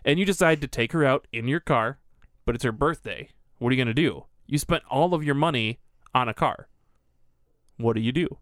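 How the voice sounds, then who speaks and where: A man co-hosting a podcast, walking through a video game with playful deadpan jokes. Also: mid-range voice, a little fast, dry recording, clean studio sound. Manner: playful, deadpan joking while recounting a game. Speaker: podcast co-host. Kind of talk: casual chat.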